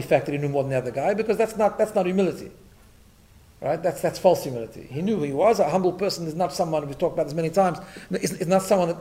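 A man's voice: sits high, warm tone. A middle-aged man teaching a Torah class in a conversational style, telling stories and dropping Yiddish and Hebrew terms, often checking in with "right?".

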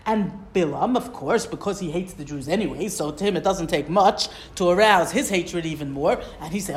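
A woman's voice: fairly low pitch, normal speed, hardly any pauses. A woman teaching a Torah study class. She reads Hebrew phrases, translates them and asks questions as she explains.

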